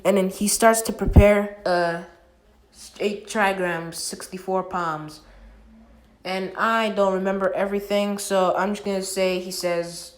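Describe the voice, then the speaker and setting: A woman's voice: mid-range voice, fairly even intonation, measured pace. A woman casually retelling a fan-made story, rambling with many restarts.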